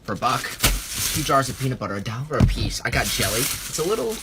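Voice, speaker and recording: Heavy background noise surrounds this fast, mid-range male voice with big pitch swings. He's an upbeat, self-mocking American TikToker in his twenties, narrating a casual vlog from a tiny New York City apartment.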